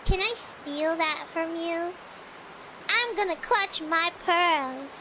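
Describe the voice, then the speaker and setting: A woman streamer chats casually with her viewers as she plays, in a very high voice with a bright edge. She talks slowly, giggles often and stumbles over repeated words. She sounds cutesy and playfully petulant, with faint noise behind her. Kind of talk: casual stream chat with viewers while gaming.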